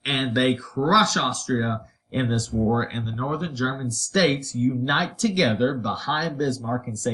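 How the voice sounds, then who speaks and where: A man giving a history lecture in a loose, conversational tone. He sits at a middle pitch and talks the way a teacher talks to a class, throwing in quick jokes and animated little voices for the figures he quotes. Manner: casual and conversational, with playful asides and voiced quotes.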